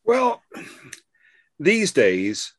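Wry British man, lively pitch. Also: very slow, creaky, no echo. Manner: wry, grumbling humor. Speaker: podcast co-host. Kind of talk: casual review chat.

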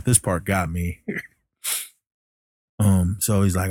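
Low-voiced man rambling through a movie plot. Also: fairly even intonation, slow pace, long pauses, darkish tone, no room sound, clean studio sound. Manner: rambling, filler-heavy storytelling. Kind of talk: casual movie recap.

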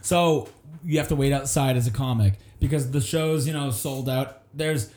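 Animated young man telling a story. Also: mid-range voice, moderate pace, roomy sound. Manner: animated, acts out voices in his stories. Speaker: comedian guest. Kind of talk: casual storytelling.

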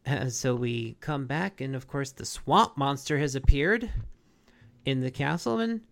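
Gravelly man recapping a cartoon. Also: mid-range voice, a little slow. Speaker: podcast co-host. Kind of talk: casual chat recapping a cartoon.

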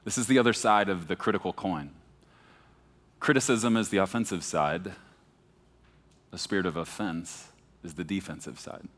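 A pastor from Texas preaching a sermon, moving between hushed, slow emphasis and animated, emphatic passages. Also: male voice, low-pitched. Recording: long hall reverb.

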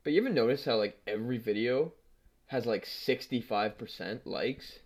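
A man's voice: medium pitch, normal speed. A man co-hosting a casual podcast, loose and rambling, swearing as he goes. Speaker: podcast co-host. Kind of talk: casual chat.

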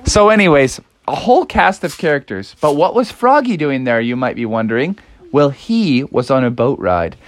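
A young woman telling an improvised storybook adventure to children in a lively, playful way. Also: a bass voice, moderate pace.

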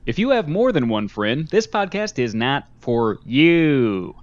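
A man's voice: mid-range voice, big pitch swings, slow pace, no room sound, muffled recording. Joking man co-hosting a podcast. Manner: joking, laughs often, puts on voices. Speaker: podcast co-host. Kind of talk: casual chat.

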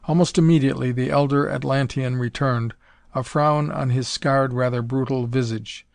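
A man narrates an adventure story in a measured, even way at a middle pitch. His reading is steady and unhurried. The recording is dry, with no room sound. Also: gravelly, dry recording. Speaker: audiobook narrator. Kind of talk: scripted narration.

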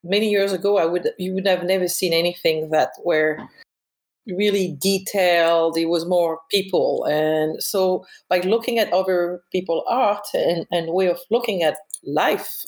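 A middle-aged woman with a French accent. She is a guest photographer in an interview, talking reflectively and searching for her words. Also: on the low side. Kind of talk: interview conversation.

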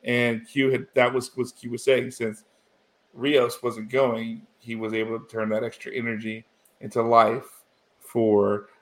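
A man's voice: medium pitch, little pitch movement, unhurried. A man recapping a TV episode in casual chat, rambling with many restarts and fillers, getting emotional. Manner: rambling, full of "you know" and restarts, emotional.

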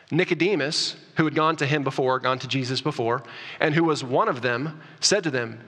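Male pastor mid-sermon, higher pitched, bright edge, church hall echo, punchy emphatic delivery. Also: a little fast. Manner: animated preaching, rising loud for emphasis, self-correcting restarts. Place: church sanctuary. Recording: long reverb of a church hall.

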